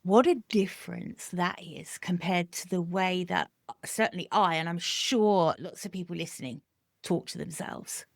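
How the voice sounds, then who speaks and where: A woman's voice: fairly low pitch, moderate pace, creaky, no room sound, clean studio sound. A woman hosting a podcast interview, speaking in a reflective, earnest and candid manner. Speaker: podcast host. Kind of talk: conversational interview.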